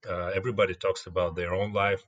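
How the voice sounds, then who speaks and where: Man, Russian accent, lowish voice, measured, thoughtful interview chat. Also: little pitch movement, a bit bright, highs cut off. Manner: measured, searching for words. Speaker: guest comedian.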